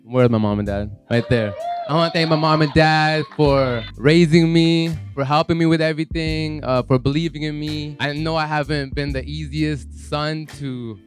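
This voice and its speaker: A young man giving a halting, joking, emotional groom's speech into a handheld mic in a reception hall. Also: on the high side, fairly even intonation, faint music behind. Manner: halting, joking, chokes up, self-deprecating.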